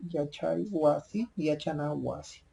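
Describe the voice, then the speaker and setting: A man teaching vocabulary in a slow lesson, repeating each word and phrase in halting English. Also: fairly high pitch, vocal fry, warm tone, poor audio. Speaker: language teacher.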